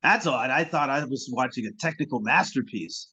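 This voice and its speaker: A man co-hosting a sports podcast in casual chat, sarcastic and quick to laugh, often repeating his words. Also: medium pitch, lively intonation, sharp tone, slightly rough, rough recording.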